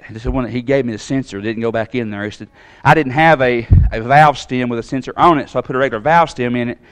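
Preaching a sermon, a man from Tennessee recounts something that happened to him, acting out the voices and shifting from loud to quiet. His mid-range voice is clear and resonant, and his delivery is quick.

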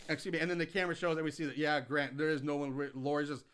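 A man's voice: fairly high pitch, fairly even intonation, fast talker, few pauses, a bit bright, smooth. A man co-hosting a casual chat, recapping a film with profanity and laughter, acting out quotes with big swings in voice. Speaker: podcast co-host recapping a film.

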